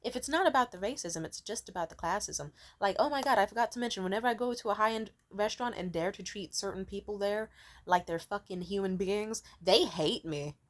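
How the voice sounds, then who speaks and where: A woman's voice: mid-range voice, fairly quick. A woman telling a story in a casual, ranting way, sarcastic and profane, full of filler words. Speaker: vlogger.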